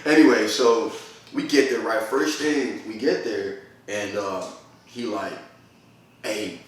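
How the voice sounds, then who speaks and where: A man's voice: fairly low pitch, steady tone, slow. A man telling a long story in casual chat, rambling with lots of slang and laughter. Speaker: podcast host. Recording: roomy echo, a bit far from mic.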